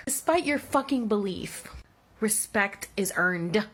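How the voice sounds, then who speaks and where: A woman's voice: fairly high pitch, lively intonation, measured pace, a bit bright, slight background noise. A woman in her thirties ranting angrily into her own vlog, emphatic and swearing heavily. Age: 30s. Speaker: vlogger. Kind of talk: heated personal story rant.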